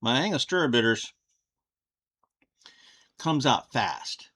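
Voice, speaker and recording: A man from Texas casually reviewing a whiskey cocktail at home, folksy and unhurried, thinking aloud. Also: mid-range voice, big pitch swings, pushed and bright, breathy edge.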